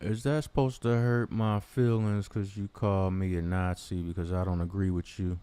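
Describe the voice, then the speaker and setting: A man's voice: deep voice, level tone, moderate pace, mellow, clean tone, dry recording. A man ranting in a commentary vlog, confrontational and mocking, swearing heavily. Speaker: commentary vlogger.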